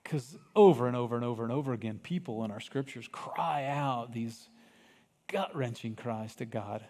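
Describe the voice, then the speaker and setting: A man preaching a sermon as pastor, animated, acting out cries from the story and dropping to hushed, earnest tones. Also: medium pitch, moderate pace. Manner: animated, acts out voices of people in the story, swings from loud cries to hushed. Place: church sanctuary. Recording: long reverb of a church hall.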